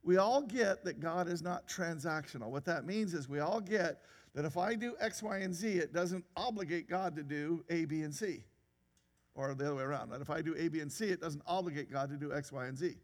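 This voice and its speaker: A man's voice: a little high, moderate pace, big-room sound. A man preaching a sermon in a church, conversational, with rhetorical questions and frequent restarts. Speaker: pastor.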